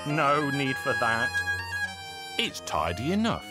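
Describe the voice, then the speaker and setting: Man doing an old wife faking sorrow, high and mournful, fiddle music behind. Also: huge pitch swings, slow. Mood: mock-sad. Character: poor old woman, wife feigning grief.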